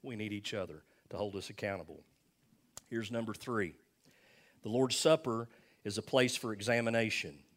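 An older man preaching from the pulpit with a low voice. He talks to the congregation like old friends, with folksy asides and repeated phrases for emphasis. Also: moderate pace, pauses often, fairly bright tone. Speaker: pastor. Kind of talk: sermon.

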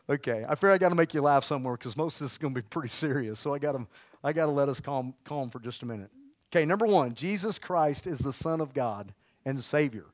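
A man delivering an energetic church sermon in a fairly high voice. He calls out exclamations and has the congregation repeat lines back to him. The sound is dry and close. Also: no echo. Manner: energetic, exclamatory, leads call-and-response. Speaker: preacher.

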